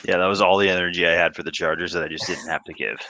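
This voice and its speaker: A man's voice: deep voice, fairly even intonation, very fast, sharp tone, no room sound. A man co-hosting a casual sports podcast, wry and self-deprecating about his teams. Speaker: podcast co-host.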